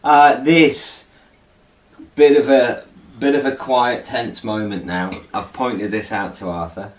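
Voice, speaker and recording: A man's voice: medium pitch, fairly even intonation, takes it slowly. A man hosting a casual beer-tasting podcast, joking playfully between sips. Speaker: podcast host. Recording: roomy, distant mic, faint noise.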